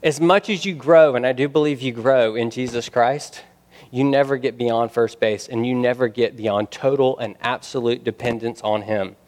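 A man preaches a sermon at a normal speed, his medium-pitched voice holding a steady tone. His delivery rises to loud emphasis and sinks to quiet, pointed remarks.

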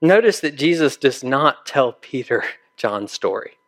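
A man's voice: mid-range voice, lively intonation, unhurried. A male pastor preaching a sermon in a conversational way, often putting questions to his listeners.

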